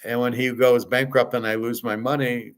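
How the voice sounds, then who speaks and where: A man's voice: medium pitch, little pitch movement, moderate pace, natural voice. A man mocking a whiny fraud victim. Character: whiny foolish male fraud victim, self-pitying.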